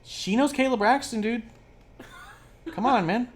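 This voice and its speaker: A podcast co-host in casual chat, rambling and swearing freely, with plenty of fillers and quick mocking asides. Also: mid-range voice, slight background noise. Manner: rambling, profane, filler-heavy; drops into quick mocking impressions.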